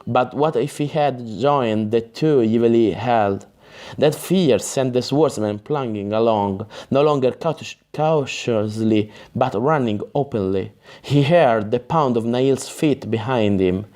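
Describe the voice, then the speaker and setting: Male audiobook narrator, unhurried pace, mid pitch, measured reading. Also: a little mellow. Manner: careful, measured reading with occasional restarts. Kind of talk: reading a fantasy novel aloud.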